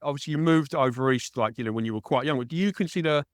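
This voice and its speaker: A man's voice: mid-range voice, quick pace, clear, resonant tone, dry recording, studio quality. A man from East London with an East London accent, hosting a radio interview in a chatty way, often calling his guest mate. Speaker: radio and podcast host.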